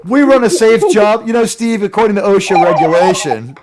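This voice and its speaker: A man's voice: high voice, very animated, unhurried, over a noisy crowd. A man hosting a casual chat, joking around, laughing often and slipping into silly put-on voices. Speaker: host.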